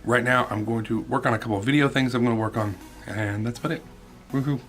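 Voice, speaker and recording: A man's voice: mid-range voice, fairly even intonation, fast, fairly bright tone. A man who is a youth minister, talking in a casual vlog. He reflects candidly and rambles.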